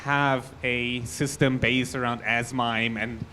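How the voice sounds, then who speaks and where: A man's voice: medium pitch, fairly even intonation, slow, sharp tone, a little hiss or hum. A man with a German accent giving a conference talk on a technical topic, loose and chatty, with restarts and asides. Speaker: conference speaker. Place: conference hall.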